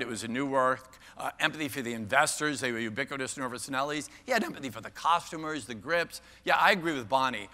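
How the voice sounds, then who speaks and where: A man's voice: fairly high pitch, pushed and bright. An older man giving a keynote talk, playful and self-mocking, bantering with the audience by name. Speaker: keynote speaker. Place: large conference hall. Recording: long hall reverb.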